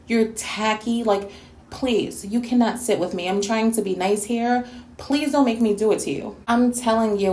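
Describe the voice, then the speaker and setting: A woman from New York City delivers a blunt, scolding rant with plenty of sass in her slightly high voice. The sound bounces around a reverberant room. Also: a little mellow. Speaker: YouTube reactor and host. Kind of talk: response video rant.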